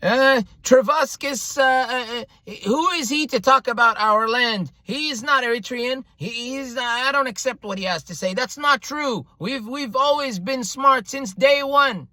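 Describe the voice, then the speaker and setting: A man's voice: extremely high pitch, a little slow, few pauses, bright, forceful tone, no echo, voice pushed up, heavily acted. A man putting on the voice of an indignant, proud man who dismisses a foreign author. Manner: dismissive, defiant. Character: indignant proud man defending his nation.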